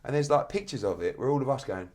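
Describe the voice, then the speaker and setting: A middle-aged man, a boxing promoter and guest, telling lively stories with acted-out quotes in a casual podcast chat. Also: mid-range voice, quick pace. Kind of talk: animated storytelling in a podcast chat.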